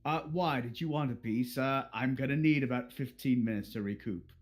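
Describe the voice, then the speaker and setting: A man voicing a smug, unflappable male chef with a calm drawl. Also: medium pitch, normal speed, faint music behind, voice pushed down, natural voice.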